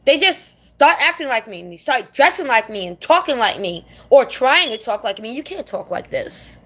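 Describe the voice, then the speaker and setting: A woman's voice: on the high side, big pitch swings, normal speed, a bit bright. A woman from New City, ranting bluntly and sassily to camera in a casual monologue, swearing freely. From New York City. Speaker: vlogger.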